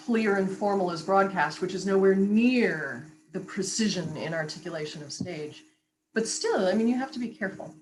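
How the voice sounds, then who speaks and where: A woman who works as a vocal coach, answering interview questions in a clear, articulate, explanatory way and laughing easily. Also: mid-range voice, slight background noise, poor audio.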